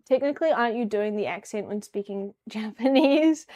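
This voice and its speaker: A woman's voice: fairly high pitch, expressive, normal speed, warm tone. A young woman streaming casually and chatting in a rambling, joking way while she packs. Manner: rambling, joking, self-deprecating. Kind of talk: casual live-stream chat.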